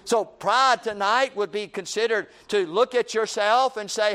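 A man's voice: high voice, steady tone, normal speed, few pauses, fairly bright tone, clear, resonant tone. A man preaching a sermon in a repetitive, rhythmic cadence, calling his listeners friend.

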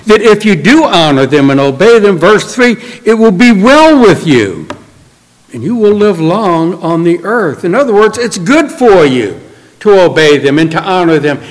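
A middle-aged male pastor preaching a sermon, telling stories earnestly and dropping to a soft, quiet voice for emphasis. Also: high voice, big pitch swings, measured pace. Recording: long hall reverb.

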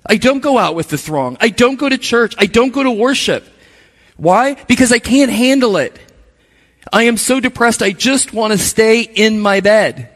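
A high-voiced male pastor preaches a sermon conversationally, speaking at normal speed in an animated way and tossing asides to the congregation. A long reverb makes his voice ring out as though in a large hall.

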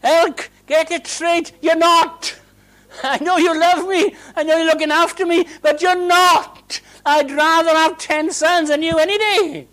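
A man preacher voicing a grieving woman who bluntly scolds her husband, in a high, emphatic put-on voice. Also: steady tone, measured pace, fairly bright tone, rough recording. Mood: exasperated.

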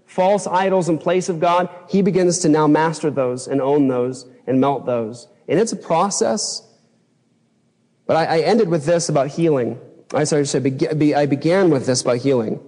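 A male pastor delivering an impassioned sermon, his voice pitched a bit high for a man. He leaps up when he replays his old outbursts. The church sanctuary carries a long, trailing reverb. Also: mellow. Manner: impassioned preaching, acts out his own past outbursts in a raised voice.

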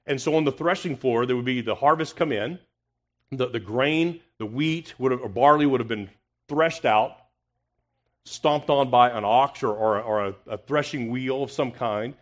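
A man preaching a confrontational expository sermon, asking rhetorical questions and swinging from loud emphasis to hushed tones. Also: mid-range voice, normal speed.

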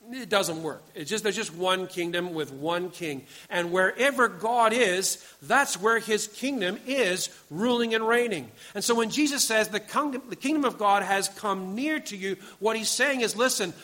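A man in his forties delivers a sermon in a bright, slightly high voice. He is earnest, urging loudly at times and then falling to a quiet, close storytelling tone. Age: 40s. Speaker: pastor.

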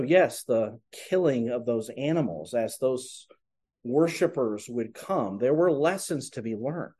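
A man's voice: mid-range voice, darkish tone. A man preaching a sermon, explaining scripture earnestly and posing rhetorical questions to his congregation. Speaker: pastor.

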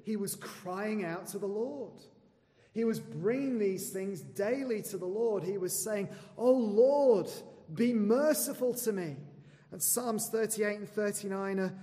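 A man preaching a sermon, earnest and questioning his listeners, sometimes dropping to a soft near-whisper and sometimes rising to loud emphasis. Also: sits high, a little slow. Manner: swings between soft, dropped phrases and loud, emphatic ones. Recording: long reverb of a large hall.

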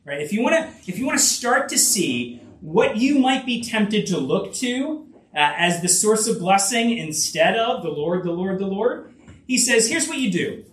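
A man preaches a sermon with a high, animated voice that rises and falls widely. He leans on repetition and emphasis, often restarting phrases with fillers. The sound is roomy and caught from some distance away. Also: normal speed. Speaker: pastor.

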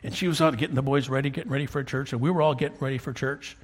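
A man's voice: mid-range voice, steady tone, rapid-fire. A man in his fifties preaching a sermon, telling stories in a conversational way and often checking in with "okay?". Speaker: pastor.

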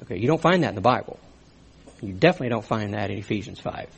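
A man's voice: on the low side, animated, very fast, creaky, breathy edge. A man preaching a sermon, earnest, stressing his points and speaking directly to the men in the congregation. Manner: earnest preaching with rising emphasis and asides to the men. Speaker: pastor.

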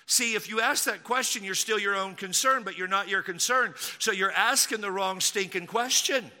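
Bright-voiced pastor preaching in a hall. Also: male voice, high voice. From Texas. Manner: emphatic, repeats key lines slowly, mocking asides. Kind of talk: sermon.

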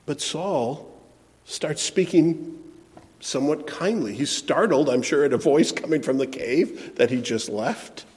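A man preaching a sermon, shifting between soft, reflective passages and emphatic ones. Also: fairly high pitch, unhurried. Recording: long hall reverb.

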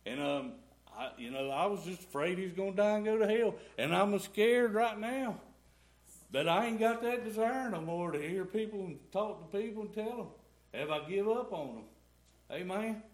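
A man's voice: sits high, lively intonation, normal speed. Folksy man testifying in church. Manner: rambling folksy storytelling, y'all and ain't. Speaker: church speaker giving testimony. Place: church sanctuary.

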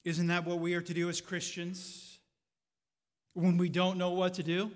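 A man pastor preaching a sermon, asking rhetorical questions with rising fervor and then dropping to a quiet, reflective tone. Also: high-pitched, completely flat delivery, normal speed. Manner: drops to a quiet, reflective tone at times.

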